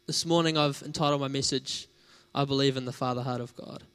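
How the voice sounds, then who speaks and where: A man's voice: medium pitch, fairly even intonation, fairly quick, a bit bright, smooth. A man preaching a sermon in a conversational, storytelling way, with casual fillers.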